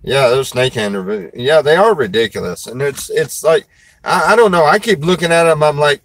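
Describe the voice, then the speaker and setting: Preacher, male, chatty and folksy, fairly high voice, dry close sound. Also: lively intonation, normal speed, fairly bright tone, dry recording, poor audio. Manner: folksy, rambling, laughs often. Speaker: preacher and show host. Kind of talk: casual chat.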